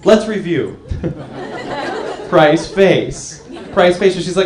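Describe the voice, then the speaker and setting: A young man performing a stand-up comedy set, telling stories with deadpan punchline pauses. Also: high voice. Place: comedy club stage. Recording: echoey room, audience laughing. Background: crowd laughter.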